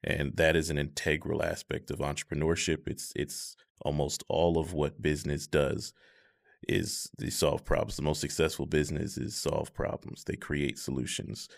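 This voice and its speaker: A man in his thirties in a casual conversation, talking in a measured, reflective way with many fillers. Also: very deep voice, little pitch movement, vocal fry. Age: 30s.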